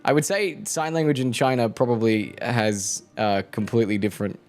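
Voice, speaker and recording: Rambling streamer chatting with chat. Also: male voice, mid-range voice, moderate pace, a little mellow, soft background music. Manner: rambling, joking, swears freely, talks to chat. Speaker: live streamer. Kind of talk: casual stream chat with viewers.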